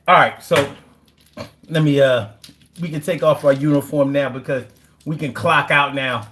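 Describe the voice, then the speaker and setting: A man's voice: a little high, fairly even intonation, normal speed, long pauses, a bit bright, a little hiss or hum. A man hosting a nightly online show, talking casually and slipping into playful, slangy half-rapped rhymes. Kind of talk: casual live-stream talk with freestyle rhymes.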